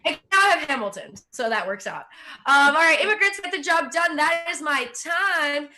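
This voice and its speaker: Young woman, high voice, bright tone, stand-up comic and host, self-mocking, chatty. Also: lively intonation, normal speed. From Russia. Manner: chatty, self-mocking, laughs at her own jokes. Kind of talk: stand-up comedy.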